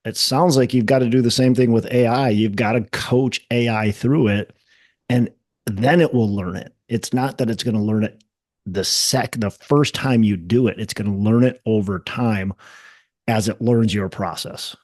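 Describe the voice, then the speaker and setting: A man's voice: medium pitch, moderate pace, a little mellow, dry recording, studio quality. A man hosting a podcast interview, talking in a conversational way and asking his guest questions. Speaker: podcast host. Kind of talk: casual interview chat.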